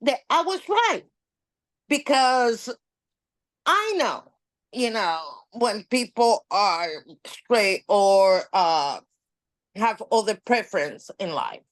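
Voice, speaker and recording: A woman guest on a podcast, telling a story in a casual, animated way, with nonstandard English grammar. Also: mid-range voice, slow pace, long pauses, dry recording. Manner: animated, acts out quoted dialogue.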